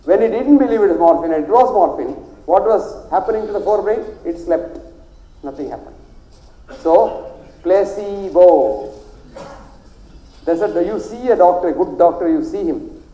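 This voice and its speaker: Older South Indian doctor, dark echoey voice. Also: male voice, high voice, brisk, dull audio. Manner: rambling, emphatic, repeats phrases for stress. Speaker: doctor giving a health talk. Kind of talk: lecture to an audience. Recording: echoey hall.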